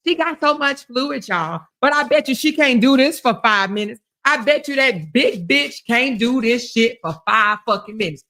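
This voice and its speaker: A woman's voice: fairly high pitch, expressive, fairly quick, hardly any pauses. Profane, taunting woman livestream host. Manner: loud, profane, taunting, laughs often; exercising her arms while talking. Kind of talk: profane livestream trash talk.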